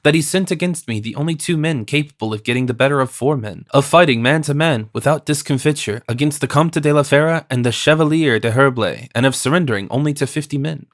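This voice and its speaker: A man voicing a commanding noble prince in an audiobook, measured and authoritative. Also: a little high, dry recording, studio quality, natural voice. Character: commanding noble male prince, battlefield leader.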